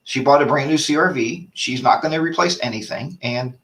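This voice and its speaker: A man's voice: medium pitch, brisk, a bit bright, recorded from a distance. A man hosting a casual live-stream chat, rambling and ranting while reading viewer comments aloud. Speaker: host of a motorcycle chat show.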